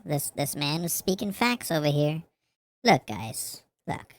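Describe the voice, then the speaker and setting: A woman's voice: sits low, sing-song, unhurried. Blunt, profane woman commentator. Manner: blunt, profane, emphatic with trailing fillers. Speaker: commentary host. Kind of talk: reaction commentary.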